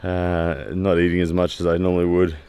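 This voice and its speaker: After a workout, in the training area, a strength training vlogger with a deep, slightly mellow, smooth voice reflects candidly for his vlog. His delivery is completely flat, broken up by plenty of pauses and fillers.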